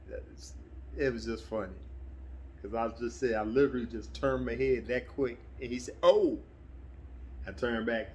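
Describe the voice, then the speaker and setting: A middle-aged man with a slightly low voice relaxes into a personal anecdote, speaking in an easy, conversational way. Every so often he bursts into animated quoted voices, while a faint ambient hum lingers in the background.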